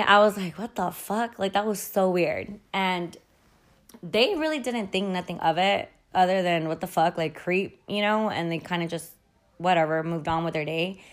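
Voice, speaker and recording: A young woman hosting a podcast, telling a childhood story in a casual, chatty way, full of fillers and quoted dialogue, with casual swearing. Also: fairly low pitch. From Mexican-American family. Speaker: podcast host.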